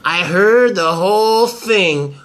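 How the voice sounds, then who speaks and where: A man voicing a confident woman lawyer in an amateur soap drama, making firm, drawn-out threats. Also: high voice, a bit bright. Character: sharp, confident woman lawyer, cornering a blackmail target.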